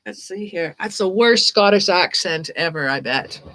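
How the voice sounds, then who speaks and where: A woman's voice: on the low side, lively intonation, normal speed, a bit bright. A woman giving a live-stream tarot reading as host, talking in an upbeat, playful and affirming way. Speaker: tarot reader.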